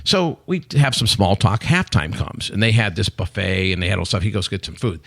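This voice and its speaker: Fast-talking gravelly man. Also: fairly low pitch. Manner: animated anecdotes with acted-out quotes. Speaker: guest, company executive. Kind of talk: casual storytelling chat. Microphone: podcast studio mic.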